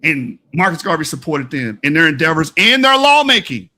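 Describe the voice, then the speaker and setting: A man's voice: a little high, big pitch swings, normal speed, bright, forceful tone, a little hiss or hum. A man giving a combative, emphatic debate rebuttal on an online stream, taunting his opponent as he argues. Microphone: online stream call mic.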